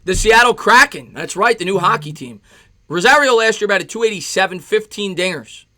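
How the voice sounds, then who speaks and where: A man doing casual play-by-play on a live stream, chatting with viewers between pitches. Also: lively intonation, moderate pace, pushed and bright. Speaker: live-stream sports host.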